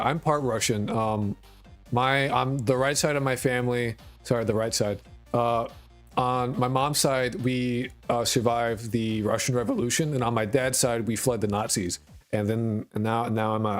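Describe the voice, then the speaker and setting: Rambling profane streamer with a New York-Boston lilt. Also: male voice, medium pitch, fairly even intonation, moderate pace, soft background music. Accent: mixed New York, Boston and Connecticut. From rural Connecticut, US. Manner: rambling, profane, self-deprecating. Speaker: game dev streamer. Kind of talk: casual live-stream chat.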